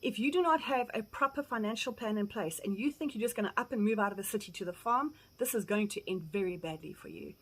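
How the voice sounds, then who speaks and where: A middle-aged South African woman giving candid, blunt advice, acting out quoted conversations with lively energy and casual swearing. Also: mid-range voice, fast talker, hardly any pauses, slightly rough, rough recording. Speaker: farm vlogger. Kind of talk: candid personal advice talk.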